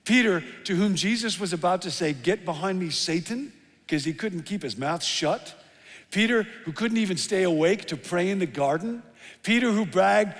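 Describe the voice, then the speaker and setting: A middle-aged male pastor preaching a sermon, telling stories with lively emphasis that drops to hushed tones. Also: high voice, moderate pace. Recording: long hall reverb.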